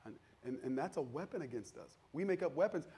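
A man preaching a sermon in a conversational style, acting out the people in his stories and building to loud, fervent peaks. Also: fairly high pitch, expressive, quick pace, husky. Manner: conversational preaching, acts out quoted voices, builds to shouting. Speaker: pastor.

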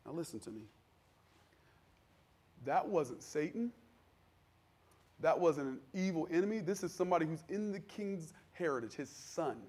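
High-voiced preacher man, conversational. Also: animated, normal speed, long pauses. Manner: conversational preaching, acts out quoted voices, builds to shouting. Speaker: pastor. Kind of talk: sermon.

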